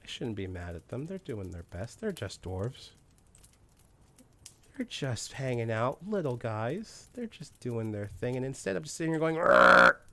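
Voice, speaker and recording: A man's voice: mid-range voice, very animated, normal speed, slight background noise. A man chatting casually on a live game stream, swearing freely and barking orders at the game characters. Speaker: streamer playing a colony sim game.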